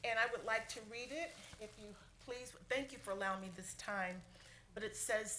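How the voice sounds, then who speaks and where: A woman's voice: on the high side, sharp tone. Emotional woman speaking in an echoey chamber. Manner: heartfelt, halting, fighting back tears. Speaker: city clerk. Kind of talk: emotional tribute speech at a council meeting. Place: council chamber. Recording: echoey chamber with faint room noise.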